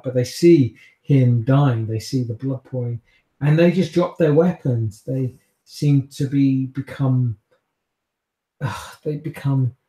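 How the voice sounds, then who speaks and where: A man narrating a tabletop game as game master, telling the story slowly and deliberately. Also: medium pitch, mellow. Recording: echoey room.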